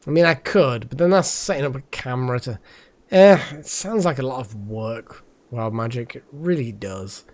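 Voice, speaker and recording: Tired, rambling man, lively pitch. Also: moderate pace. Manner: rambling, chatty, repeats words. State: tired, yawning. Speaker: streamer. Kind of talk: casual gameplay commentary.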